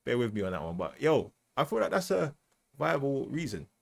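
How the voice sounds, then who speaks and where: A man's voice: medium pitch, big pitch swings, a little fast, vocal fry. A British man giving casual, slangy commentary as he reacts to a music track, often asking "you know what I mean". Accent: British English.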